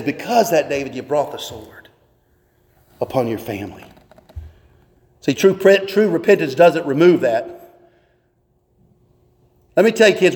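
A male pastor with a high-sitting voice and a darkish tone preaches a sermon in a church sanctuary. He speaks with earnest emphasis and pointed rhetorical questions, and the recording carries the long, echoey reverb of a church hall.

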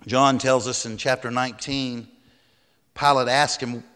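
A man preaching a sermon from the pulpit at a middling pitch, reading scripture aloud with dramatic emphasis. His voice swells on the quoted cries and drops low on the solemn lines. A long reverb from the church room trails every phrase. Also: flat delivery, unhurried, sharp tone, clear, resonant tone. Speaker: pastor.

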